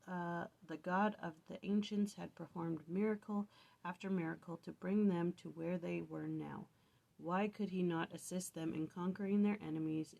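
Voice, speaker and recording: A woman's voice: lowish voice, gravelly, warm tone. A woman leading a casual early-morning scripture study, chatty and self-correcting as she retells the story. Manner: chatty, self-correcting, acts out quotes playfully.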